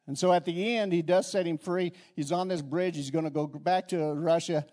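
An older man preaching a sermon as pastor, animated, swinging between soft asides and loud exclamations. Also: a little high, moderate pace.

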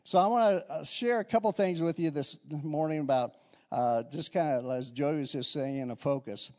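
An older man preaching a sermon as pastor, animated, swinging between soft asides and loud exclamations. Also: fairly high pitch, moderate pace.

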